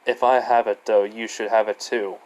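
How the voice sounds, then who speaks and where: A man's voice: fairly low pitch, level tone, moderate pace, a little mellow, natural voice, poor audio. A man voicing a proud hedgehog hero who calls himself the ultimate life form, speaking in self-assured declarations.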